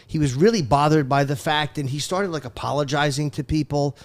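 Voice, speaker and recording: A man's voice: on the high side, fairly quick. A man, a comedian, trading blunt and wry stories in casual podcast chat. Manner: wry, blunt storytelling with profanity.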